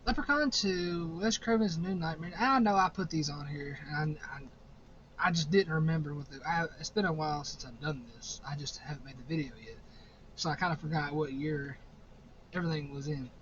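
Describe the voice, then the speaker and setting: A man's voice: on the high side, normal speed, fairly bright tone. A young man casually ranking horror movies in a rambling, profane way, often laughing. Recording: slightly dull recording with faint noise.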